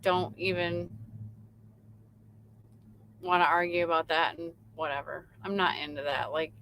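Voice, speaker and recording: A woman's voice: lowish voice, a bit bright, a little hiss or hum, poor audio. A woman, a truck driver, chatting casually on a late-night livestream and reading out viewer comments, rambling with lots of fillers.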